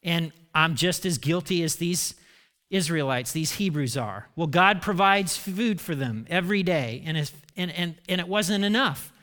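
Man preacher, sermon, high voice, animated and self-mocking, bright tone. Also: unhurried. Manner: animated, self-deprecating storytelling. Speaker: pastor.

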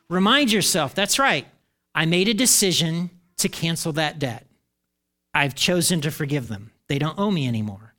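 A middle-aged man preaching a sermon with a high, bright voice. He talks to his congregation in an animated way and slips into the voices of the people he quotes. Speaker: pastor.

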